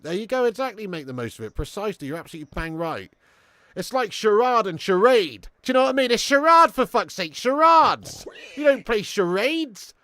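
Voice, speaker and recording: Streamer host: high-voiced man, loud, sweary football watch-along commentary, dry close sound. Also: dry recording. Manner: excitable, swearing, chatty with viewers.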